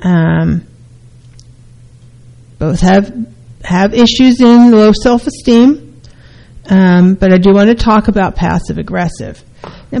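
A woman's voice: mid-range voice, vocal fry, mellow, poor audio. A middle-aged woman, a counselor, hosting a talk show and explaining behaviors, now and then acting out short quoted exchanges.

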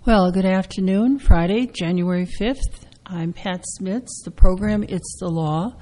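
A woman hosting a radio talk show about legal news, getting over a cough and speaking haltingly with many fillers. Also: fairly low pitch, dark tone, soft background music, rough recording. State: recovering from a cough. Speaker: radio host.

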